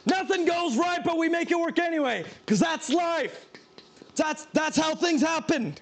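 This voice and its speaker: A man's voice: extremely high pitch, animated, measured pace, vocal fry. A man who streams himself cooking, chatting casually in a rambling, self-mocking way and laughing often. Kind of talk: casual live-stream chat while cooking.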